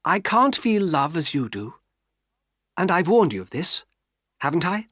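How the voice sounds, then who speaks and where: A man voicing a cold, proud young woman who speaks calmly and without feeling, in a dry storybook reading. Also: a little high, measured pace, dry recording, pitched above the performer's own voice, heavily acted. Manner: calm and detached.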